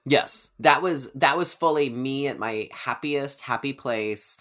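A woman's voice: very deep voice, unhurried, a bit bright. A woman co-hosting a casual film podcast, enthusiastic and jokey, often breaking into laughter. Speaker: podcast co-host. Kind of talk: casual film-review chat.

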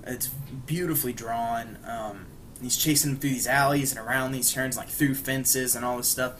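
Guy on a podcast rambling through a plot recap, tons of fillers, medium pitch, faint hiss behind. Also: fairly even intonation, moderate pace, fairly bright tone, poor audio. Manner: rambling, many "like" and "you know" fillers; briefly acts out characters' lines while retelling. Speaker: podcast co-host. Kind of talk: casual chat recapping an episode.

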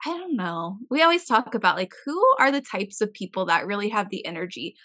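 Young woman, mid pitch, chatty storyteller, voice rises and falls, gets shrill when excited. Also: a little fast. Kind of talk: casual chat.

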